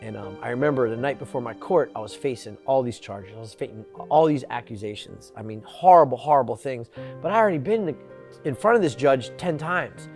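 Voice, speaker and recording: Man telling his own story with halting restarts. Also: mid-range voice, lively intonation, a little mellow, soft background music. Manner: earnest, halting, with many restarts; acts out what others said. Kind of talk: personal testimony.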